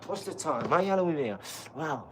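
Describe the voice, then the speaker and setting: A man talks casually on a live stream while he works out at boxing, rambling from one thought to the next and swearing freely. He sounds distant from the mic in an echoey room, with loud noise behind him. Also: fairly high pitch, expressive, a little fast. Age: 40s. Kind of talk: casual chat during a boxing workout. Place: home workout room.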